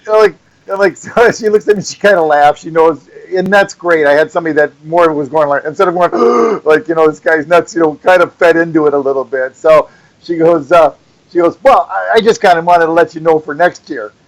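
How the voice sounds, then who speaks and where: Middle-aged Wisconsin man, high-pitched co-host, animated rambling storyteller. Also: brisk, rough recording. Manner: rambling, animated, acts out voices in his story. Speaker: podcast co-host. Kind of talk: casual ranting chat.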